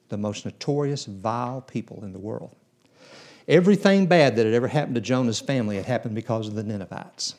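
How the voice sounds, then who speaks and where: In a church sermon, a man with a mid-range, darkish voice tells Bible stories in a folksy style, acting out the characters.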